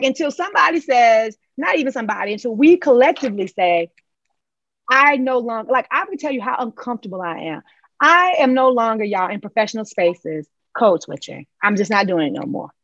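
A woman with a North Carolina Southern accent speaks as a podcast guest, emphatic and passionate, pitched a little high. Her voice comes through a dull, lo-fi recording with a dry, close sound. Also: lively intonation, fairly quick, no room sound. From Charlotte, North Carolina. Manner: emphatic, passionate, tag questions. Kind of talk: podcast conversation.

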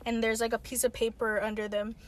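A woman's voice: fairly high pitch, flat delivery, brisk. A woman casually recapping a movie, rambling and filling her talk with "like". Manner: rambling, heavy use of "like", acts out quotes.

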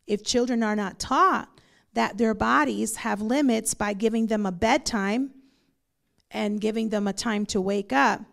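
Middle-aged woman pastor, gravelly and fairly high, conversational teaching. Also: unhurried. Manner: storytelling, conversational. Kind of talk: bible study teaching.

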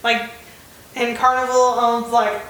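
A young American woman in her twenties chats casually as a podcast co-host, her voice a little high and very bright, full of "like" and loose fillers. She sounds like she is in an echoey room with a faint hiss underneath. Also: level tone, slow. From United States. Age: 20s. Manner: chatty, many fillers. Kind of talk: casual chat.

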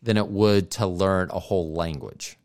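Middle-aged male host, smooth resonant tone, rambling questioner. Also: sits low, moderate pace, darkish tone. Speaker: podcast host, father. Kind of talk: casual family chat.

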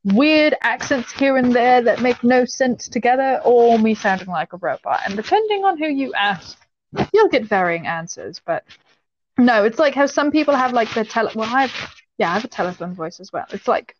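Woman co-host, casual rambling chat, slightly high voice, muffled lo-fi call sound. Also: expressive, normal speed, slight background noise. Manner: rambling, self-interrupting, laughs often. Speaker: podcast co-host.

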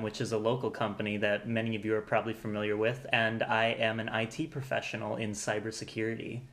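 A man's voice: lowish voice, a bit bright. A young man appearing as a guest on a casual podcast recorded at home, easygoing and joking.

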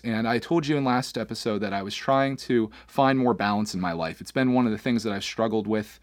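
A man hosts his own podcast and talks to his viewers in a loose, candid ramble. He keeps circling back and restarting his sentences. His voice sits at an average pitch, recorded close in a dry studio. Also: lively intonation, brisk, few pauses, no room sound. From Pennsylvania, USA. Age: adult, father of a young son. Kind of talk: casual personal podcast monologue.

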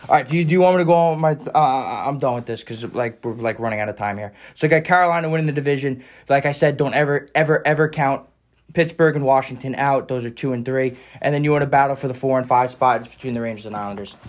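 A young man co-hosting a podcast, arguing fast and swearing often, talking over his partner. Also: mid-range voice, dull audio. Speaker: podcast co-host. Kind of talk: heated casual sports debate.

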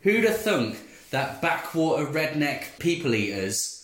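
A man cracks wry, sarcastic quips, his voice swinging lively up and down. The room adds a noticeable echo. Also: fairly high pitch, measured pace. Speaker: podcast co-host. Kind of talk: comedic banter.

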